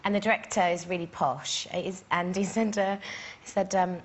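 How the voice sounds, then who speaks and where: An English actress telling an amused, laid-back story as a chat show guest. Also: female voice, on the low side, fairly even intonation, normal speed, muffled recording. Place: television studio.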